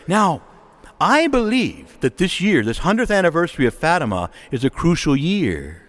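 A man's voice: a little high, huge pitch swings, moderate pace. A middle-aged man preaching a sermon, impassioned and rising to emphatic exhortation.

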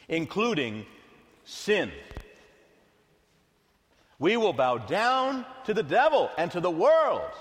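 In a church with long reverb, a middle-aged male pastor delivers a sermon. He speaks in an animated, conversational way, tossing in playful asides, and his voice is high-pitched.

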